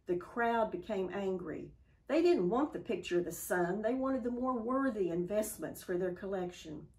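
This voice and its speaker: A woman giving a church devotional, reading a story aloud in a calm, measured way. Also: mid-range voice, poor audio.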